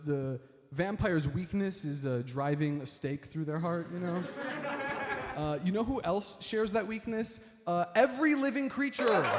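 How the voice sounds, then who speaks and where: A man doing a stand-up comedy set on stage, rambling with lots of fillers and talking to the audience as folks. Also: sits high. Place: stage before a live audience. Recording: reverberant hall with crowd and noise.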